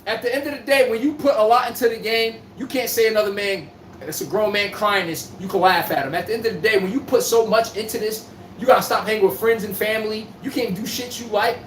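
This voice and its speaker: A man hosting a live-streamed sports podcast, talking to the chat in a loud, profane trash-talking manner. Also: sits high, quick pace. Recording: echoey room from far off, faint noise.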